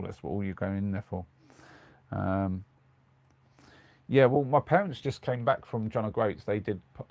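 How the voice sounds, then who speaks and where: Sitting in his small converted van at night, a middle-aged British live streamer reads comments and chats casually, rambling with many ums and restarts. His voice is low-pitched and a little mellow.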